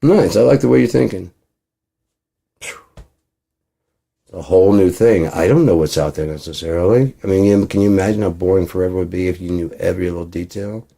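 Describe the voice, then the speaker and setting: A man's voice: sits low, a little fast, creaky, long pauses, dark tone. A man rambling in a casual monologue, profane, acting out both sides of imagined conversations. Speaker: channel host.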